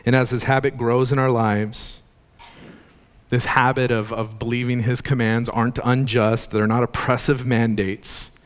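A man preaching a sermon as a pastor, chatty in places and building to fervent emphasis. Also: mid-range voice. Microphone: podcast recording of a church sermon.

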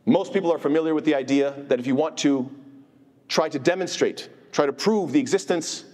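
A man giving an informal religious lecture, animated and asking his listeners rhetorical questions. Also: on the high side, fairly quick. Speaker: Islamic teacher. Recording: long hall reverb.

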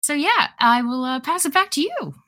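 A woman's voice: high-pitched, big pitch swings, moderate pace, a bit bright. A woman co-hosting a podcast, recommending documentaries in an enthusiastic, chatty way. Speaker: podcast co-host recommending films. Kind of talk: casual podcast chat.

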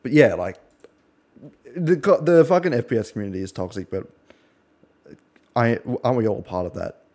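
Husky hungover man hosting a podcast. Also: medium pitch, sing-song, normal speed, a little mellow. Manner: crude, joking, lots of swearing. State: husky from a hangover. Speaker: podcast host. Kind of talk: casual chat.

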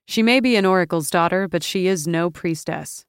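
A woman's voice: on the low side, normal speed, clear, resonant tone, no room sound, studio quality, natural voice. A woman voicing a stern, commanding male sea god in an audiobook.

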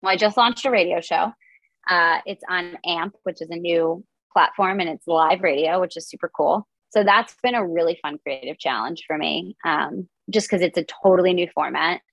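Guest comedian, woman, casual filler-heavy chat; slight vocal fry, dry close sound. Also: on the low side, moderate pace, fairly bright tone, no room sound, lo-fi sound. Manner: chatty, lots of "like" fillers.

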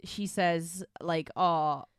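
A woman's voice: on the low side, steady tone, drawn-out words, clear, resonant tone, no room sound, studio quality. A young woman with a Northern English accent, co-hosting a podcast and recapping scenes in casual chat, with many ums and restarts. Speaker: podcast co-host.

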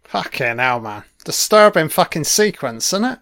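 A man's voice: fairly high pitch, very animated, normal speed, fairly bright tone. A man hosting a casual audio commentary over a film, with laid-back, profane running remarks.

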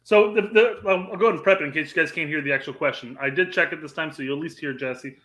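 A man with a fairly high, very bright voice co-hosting a live podcast. He stumbles and repeats words as he talks and laughs often. The feel is loose and casual. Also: fast talker. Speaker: podcast co-host.

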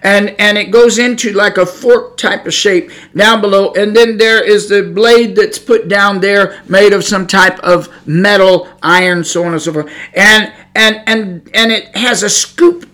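A man giving an informal Bible teaching, rambling and stumbling over words, then rising to shouts to drive points home. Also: high voice, fairly even intonation, a little slow, few pauses. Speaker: preacher.

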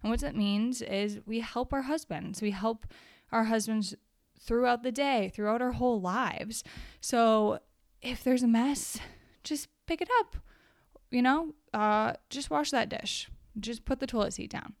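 A woman's voice: fairly high pitch, a little slow, no room sound, clean studio sound. A young woman teaching a casual devotional Bible study, earnest and conversational, reading verses aloud.

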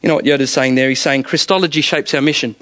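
A man's voice: mid-range voice, steady tone, fast, a bit bright. A man, preaching an evening sermon in a conversational, storytelling way with frequent laughter.

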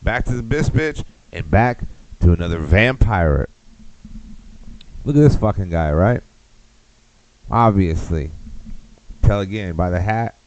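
Crude rambling man with a deep voice. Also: expressive, a little slow, pauses often, a little mellow, slight background noise, low-quality recording. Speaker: podcast host. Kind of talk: comedic rant.

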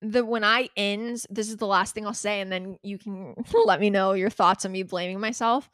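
A young woman co-hosting a podcast, telling stories in an animated casual way, swearing and laughing often. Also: medium pitch, normal speed, no echo, studio quality. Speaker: podcast co-host. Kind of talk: casual chat.

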